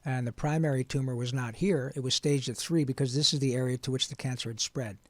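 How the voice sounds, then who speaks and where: A man, a voice actor, telling his story in an interview in an earnest, animated and frank way. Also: medium pitch, fast, dry recording. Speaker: guest voice actor.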